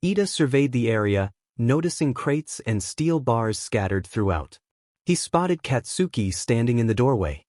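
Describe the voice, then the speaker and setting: A man's voice: medium pitch, big pitch swings, moderate pace, darkish tone, no room sound, studio quality. A man reading a fan fiction story aloud as narrator, with small voice shifts for the characters.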